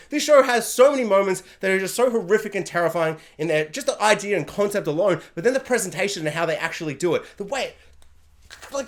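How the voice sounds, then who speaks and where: A woman reviewing a TV finale on her vlog, gushing and ranting with a lively, bouncing pitch. She slips into mock voices for the characters as she goes, always at middling height. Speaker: TV review vlogger. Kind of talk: excited spoiler review rant.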